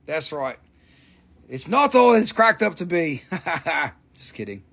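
This rock-and-crystal seller talks in a slightly high, sing-song voice that is slow, creaky, husky and fairly bright. Hosting his live stream sale, he chats casually with profane jokes and teasing, trailing off in repeated fillers whenever he gets flustered.

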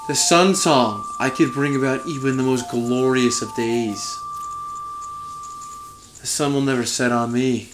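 A young man giving let's-play commentary on his own playthrough, swearing and swinging from frustrated muttering to excited yelling. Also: mid-range voice, unhurried, pauses often, over music. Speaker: gaming video host.

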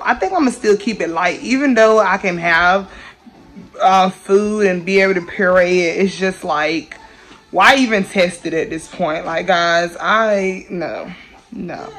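A young woman chatting casually to her viewers in a vlog, playful and quick to laugh. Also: medium pitch, fairly bright tone, poor audio. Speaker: vlogger.

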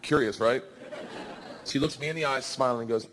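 Energetic stand-up comedian with shouted punchlines. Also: male voice, medium pitch, fairly quick, long reverb tail, noisy background. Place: comedy stage before a live audience.

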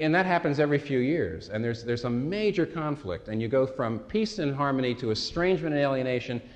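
A man's voice: mid-range voice, darkish tone, lo-fi sound. A man preaching a sermon in a conversational, storytelling way, often restarting his sentences. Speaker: pastor. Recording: echoey hall recording.

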